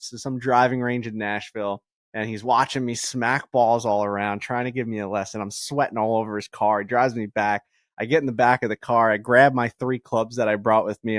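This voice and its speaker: A man's voice: lowish voice, dry recording, studio quality. A man co-hosting a golf podcast in casual chat, telling stories and acting out the people in them. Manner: animated storyteller, acts out quotes. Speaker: podcast co-host.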